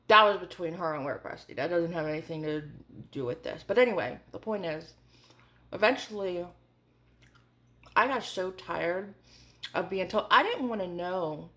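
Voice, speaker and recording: A woman in her forties with a slightly low-pitched voice tells a personal story to camera. She talks in a chatty, candid way and fills her speech with small asides. It sounds like a casual storytime vlog. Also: a bit bright. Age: 40s. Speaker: vlogger.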